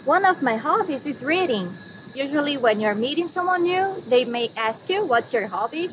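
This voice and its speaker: A woman from Brazil teaching a language lesson, saying example words slowly and carefully and then explaining them. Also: sits high, animated, background noise.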